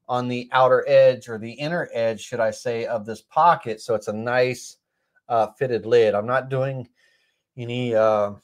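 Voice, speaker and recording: A middle-aged man with a bit of a cold talks viewers through a woodworking design on a live stream. He rambles, stops and starts, and fills the gaps with ums and uhs. His voice sits at an ordinary middle pitch. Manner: rambling, filler-heavy, self-correcting. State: has a cold, occasional coughs.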